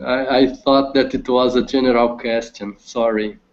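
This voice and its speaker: A man learning English, reading a text aloud over a video call with halting restarts. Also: mid-range voice, steady tone. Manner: halting, restarts words, careful slow reading. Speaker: language student. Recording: dull lo-fi call audio.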